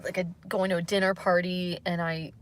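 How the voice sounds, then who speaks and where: A young woman talking candidly on a livestream about her anxiety, halting and rambling with many fillers. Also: fairly low pitch, level tone. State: anxious. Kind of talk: candid solo livestream chat.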